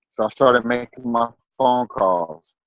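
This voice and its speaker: Male guest recounting a personal story, mid pitch, halting delivery, dry sound. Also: no room sound, low-quality recording. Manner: halting, repeats words when moved.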